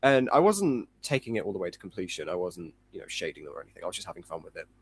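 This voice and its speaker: A man's voice: low-pitched, big pitch swings, rapid-fire, husky. A man appearing as a guest illustrator on a podcast, speaking casually with self-deprecating, rambling humour and jokey asides.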